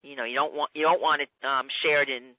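A woman's voice: rumbling low, fairly even intonation, brisk. Instructive woman on a tinny phone line. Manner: instructive, methodical, with fillers. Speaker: speech coach guest. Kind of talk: advice on a radio interview.

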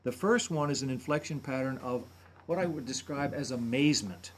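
A man's voice: medium pitch, brisk, a little hiss or hum. A man commenting on a radio talk show, analyzing politicians' speaking styles in detail. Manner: analytical, imitates speech patterns. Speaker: voice and speech commentator.

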